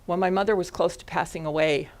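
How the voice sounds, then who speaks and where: Woman minister, sermon to the congregation, headset mic, lively storytelling with laughs. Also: fairly low pitch, fast. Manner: animated storytelling with frequent laughs. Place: church service before a congregation.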